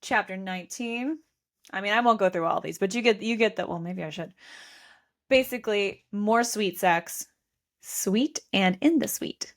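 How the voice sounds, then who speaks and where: A woman's voice: mid-range voice, moderate pace. A woman in her thirties co-hosting a book podcast, chatting casually and gushing with laughter. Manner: gushing, laughing, reads lines aloud in playful voices. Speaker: podcast co-host.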